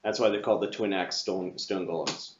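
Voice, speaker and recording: Guy running a tabletop game, lowish voice, lots of ums, echoey muffled room. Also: fairly even intonation, noisy background. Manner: halting, frequent restarts and ums. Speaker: game master. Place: room with several players around a table.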